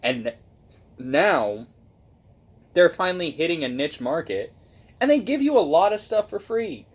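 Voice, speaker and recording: A man in casual gaming chat, rambling and excitable, swearing freely as he talks about game consoles. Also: a little high, a little slow. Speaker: co-host.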